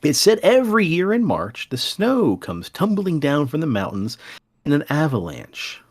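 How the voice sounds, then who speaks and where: A man's voice: on the high side, wildly swooping pitch, moderate pace. Playful, dramatic male podcast storyteller. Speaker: podcast host.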